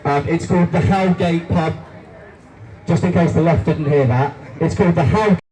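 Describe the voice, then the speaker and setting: A man's voice: a little high, fairly even intonation, moderate pace. A man giving a rousing political rally speech, repeating lines and calling the crowd guys. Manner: forceful, repetitive, rousing, addresses crowd as guys. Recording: distant voice with faint crowd noise.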